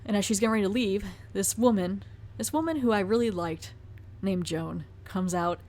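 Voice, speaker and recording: A woman's voice: on the low side, a little mellow. A woman hosting a podcast, chatting casually as she retells a movie scene by scene and acts out the characters' lines and her own reactions. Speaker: podcast host. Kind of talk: casual movie review recap.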